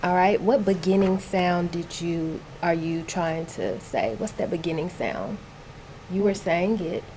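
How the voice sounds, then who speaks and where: A woman works one-on-one with a child on reading, speaking patiently and praising often. Her voice sits a little low. A faint hiss runs behind her. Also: lively intonation, unhurried, a little mellow. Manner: patient, encouraging, explains simply. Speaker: reading tutor.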